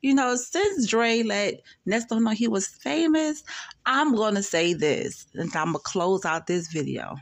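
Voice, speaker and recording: Woman, gossip vlogger; gravelly, dry close sound, chatty and laughing. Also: mid-range voice, animated, a little slow, no room sound. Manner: chatty, laughing, retells calls with quoted voices. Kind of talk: casual commentary vlog.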